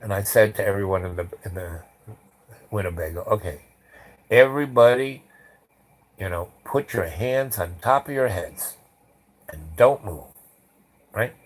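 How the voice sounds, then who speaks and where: Middle-aged male storyteller, lowish voice, loose rambling delivery, bursts into acted voices. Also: a little slow, long pauses, poor audio. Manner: animated storyteller acting out quotes loudly. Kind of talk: rambling anecdote.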